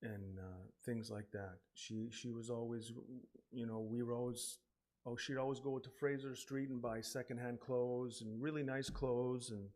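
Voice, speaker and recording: Halting man giving a eulogy. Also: medium pitch, steady tone. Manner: halting, repeats words, many fillers; emotional, voice drops quietly at times. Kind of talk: funeral eulogy, personal story.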